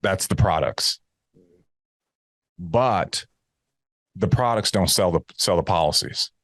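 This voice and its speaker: A man's voice: low voice, takes it slowly, a bit bright, no echo, studio quality. A man talking casually and emphatically as he mentors a new insurance agent, often acting out sales calls. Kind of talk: casual coaching talk.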